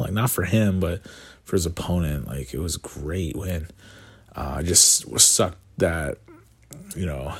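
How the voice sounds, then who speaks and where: A man's voice: sits low, gravelly, dry recording. A young Canadian man giving a casual, rambling commentary full of fillers and enthusiasm.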